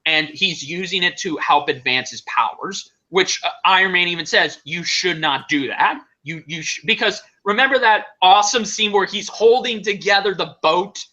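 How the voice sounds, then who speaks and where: A man hosting a podcast in casual chat, excitable, laughing often and breaking off mid-sentence to restart. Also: sits high, normal speed, hardly any pauses, highs cut off. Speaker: podcast host.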